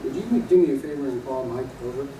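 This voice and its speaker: A man teaching a live class of real estate agents, playful and energetic, acting out little scenes and quizzing the audience. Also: mid-range voice, fast talker. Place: training room with an audience. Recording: echoey room, distant mic, noisy.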